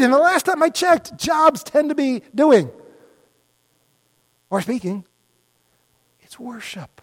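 A middle-aged male pastor giving an animated, conversational sermon full of mock dialogues. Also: extremely high pitch, takes it slowly, long pauses.

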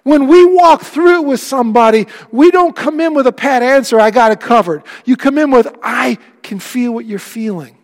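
A middle-aged man preaching a sermon as pastor, swinging between loud emphatic lines and hushed, quiet ones. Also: very high-pitched, moderate pace, hardly any pauses, big-room sound.

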